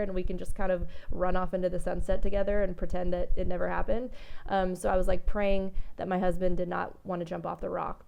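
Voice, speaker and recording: Swearing without restraint, a young female podcast host rambles candidly through a personal story. She has a lowish, gravelly voice with a somewhat dark tone.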